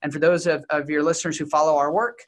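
A young adult man from Texas, speaking as a guest in an interview. He talks quickly, with a voice pitched a little on the high side. He lays out research and personal stories in a brisk, lecturing way. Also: level tone. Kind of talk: interview answer.

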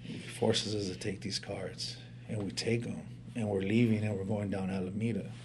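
At a moderate pace and with fairly even intonation, a low-voiced man tells his own story from the heart. His talk is loose and slangy, with stammered restarts, over a faint background hiss.

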